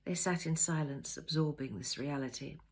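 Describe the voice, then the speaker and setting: Older female author narrating: low, gravelly, husky. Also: moderate pace, darkish tone. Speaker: author reading her novel. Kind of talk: audiobook narration.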